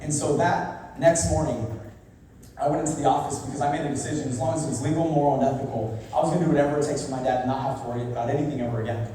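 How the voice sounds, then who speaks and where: A young man giving a motivational speech at a business event, telling a personal story and dropping low and quiet at the emotional parts. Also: fairly even intonation, rapid-fire, slight background noise. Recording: echoey hall, from far off.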